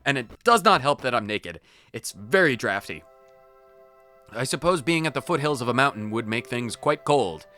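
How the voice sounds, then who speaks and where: Bright, lively man playing a game. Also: mid-range voice, moderate pace, faint music behind. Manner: excitable, rambling, playful. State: hopped up on caffeine. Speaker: let's play host. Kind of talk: gameplay commentary.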